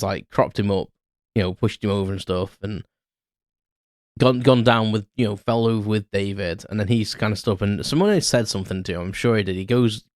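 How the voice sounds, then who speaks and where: A British podcast host in his thirties, with a fairly low voice, tells an unscripted story in a rambling way, full of restarts and fillers. He's on a close podcast mic, with dry, studio-quality sound.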